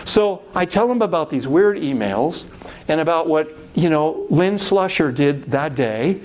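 A middle-aged man, a pastor, telling a personal faith story in a lively way and acting out the voices he quotes. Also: a little high, a little slow.

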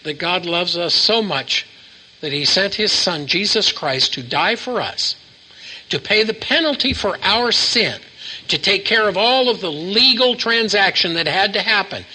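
A man delivers a sermon to a congregation in a room, his voice pitched high with a husky edge and a very bright, forward tone. He pulls the listeners in with questions and has them repeat short lines back to him. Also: animated, measured pace, poor audio. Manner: preaches with call-and-response, asking the congregation to repeat. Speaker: preacher.

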